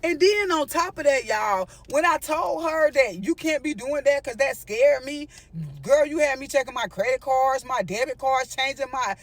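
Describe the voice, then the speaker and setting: A woman telling a story to her viewers in a casual, animated vlog, with frequent asides to them. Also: high voice, normal speed, few pauses, dry recording. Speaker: storyteller vlogger.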